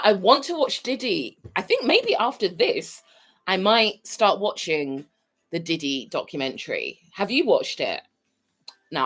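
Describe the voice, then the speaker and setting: British woman vlogger, chatty and rambling, lively up-and-down voice, casual live stream host. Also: mid-range voice. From United Kingdom. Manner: chatty, rambling, wanders off topic. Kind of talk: casual chat to viewers.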